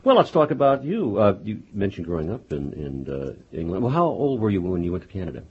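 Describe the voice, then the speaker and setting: Radio host, man, extremely deep raspy voice, chatty and hesitant, lo-fi. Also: very animated, a little fast. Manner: conversational, hesitant. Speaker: radio interviewer. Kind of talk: radio interview.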